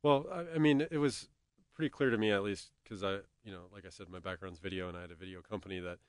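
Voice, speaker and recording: Low, brisk-talking studio owner, guest on a radio chat, dry mic. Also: male voice, clear, resonant tone, no echo. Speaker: studio co-owner and video producer. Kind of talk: casual radio interview.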